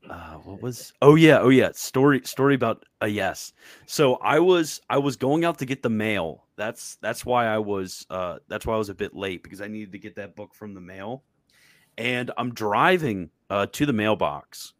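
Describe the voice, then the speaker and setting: A man hosting a livestream in casual chat, joking and slangy and quick to laugh. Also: medium pitch, dry recording, studio quality. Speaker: stream host.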